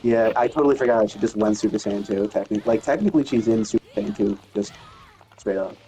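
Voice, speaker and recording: A man's voice: lowish voice, quick pace, dark tone, a little hiss or hum. A man chatting casually as a gaming co-host, laid-back, reacting briefly to stories. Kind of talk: casual chat.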